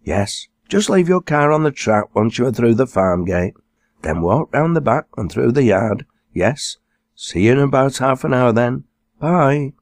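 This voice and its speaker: A man's voice: mid-range voice, lively intonation, unhurried, no room sound, studio quality, voice pushed up. A man voicing a cheerful, reassuring young woman from a farm family, in an audiobook. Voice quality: upbeat, reassuring.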